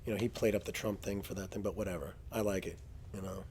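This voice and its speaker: A low-voiced man chatting casually about fights and telling swear-filled stories. He slips into loud, mocking impressions of the people in them. A faint hiss of noise sits under the recording. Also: steady tone, fast talker. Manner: profane, storytelling, imitates people loudly. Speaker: jiu-jitsu coach and podcast host. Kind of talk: casual chat.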